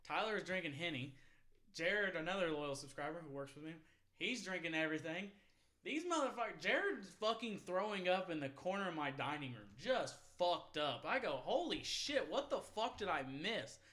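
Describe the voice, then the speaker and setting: Twenties male podcast host, slightly high-pitched, loose and profane, rambles through stories with frequent laughter. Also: animated, fairly quick, bright, forceful tone. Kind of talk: casual storytelling chat.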